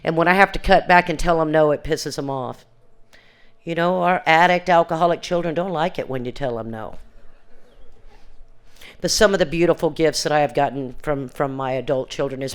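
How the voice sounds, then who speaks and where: A woman's voice: sits low, moderate pace, smooth. An older woman giving earnest, plain-spoken personal testimony at a recovery reunion, often restarting her sentences and quoting conversations. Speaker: recovery speaker.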